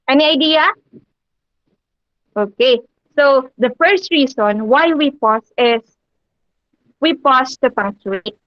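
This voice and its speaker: A woman with a high, bright voice gives a classroom lesson, pronouncing words slowly and turning often to an imagined class with rising questions. The sound is dry and a little dull, like a lo-fi home recording. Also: no room sound. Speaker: teacher.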